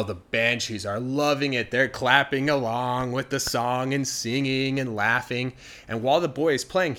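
A man telling a folktale in a chatty, animated storytelling style. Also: medium pitch. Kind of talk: casual storytelling.

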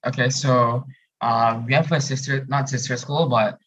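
A man, a student in a casual podcast discussion, thoughtful and pausing often with "um". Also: mid-range voice, steady tone, fairly bright tone, rough recording. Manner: thoughtful, many "um" pauses.

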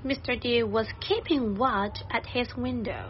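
A woman reading a children's story aloud and pronouncing vocabulary words with slow, careful enunciation. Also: a little high, lo-fi sound, a little hiss or hum. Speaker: story narrator and vocabulary teacher.

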